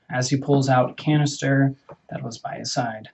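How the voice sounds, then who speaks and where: A man's voice: on the high side, normal speed, a little mellow, dull audio. A young man telling a made-up story in a playful, rambling way while getting a haircut, stopping to correct himself now and then. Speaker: vlogger. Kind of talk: casual storytelling during a haircut.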